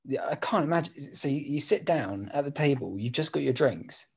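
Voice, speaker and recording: A man in casual chat, telling ideas in a relaxed, rambling way with fillers. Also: on the high side, moderate pace, gravelly, slightly rough.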